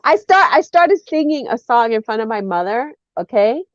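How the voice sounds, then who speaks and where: A woman guest chatting casually, telling jokey, animated stories and acting out quotes. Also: on the high side, moderate pace, no room sound, lo-fi sound. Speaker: guest co-host. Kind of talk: casual chat.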